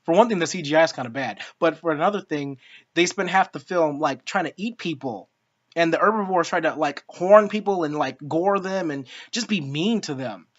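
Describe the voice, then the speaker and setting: A woman's voice: low voice, moderate pace. A woman giving a casual spoken film review, ranting in an exasperated, profane way. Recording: dull lo-fi sound.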